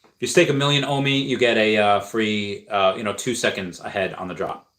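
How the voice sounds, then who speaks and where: Here's a man with a fairly low voice chatting casually on a livestream. He rambles and repeats himself as he answers viewer questions, stumbling through restarts and filler words. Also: fairly even intonation, fairly quick, fairly bright tone. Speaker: crypto streamer answering viewer chat.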